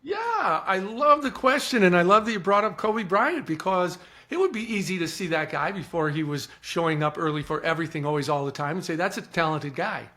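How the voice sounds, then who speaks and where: A man with a fairly high voice gives an earnest, animated account as a podcast guest. He often repeats words as he starts a thought. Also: a little fast, hardly any pauses. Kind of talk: reflective storytelling.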